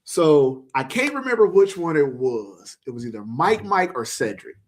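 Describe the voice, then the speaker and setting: Man, mid pitch, lively swinging intonation, slangy, profane, casual storytelling. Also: moderate pace. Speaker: podcast co-host.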